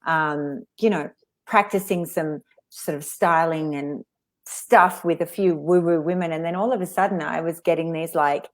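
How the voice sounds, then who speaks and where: Aussie lady host, lowish voice, chatty, lots of ums. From Australia. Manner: chatty, with fillers and quick asides. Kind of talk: casual interview chat.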